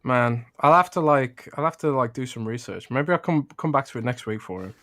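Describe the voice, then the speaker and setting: A man co-hosting a casual gaming podcast, protesting and joking with animated exasperation. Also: medium pitch, fairly quick, dry recording, clean studio sound. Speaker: podcast co-host.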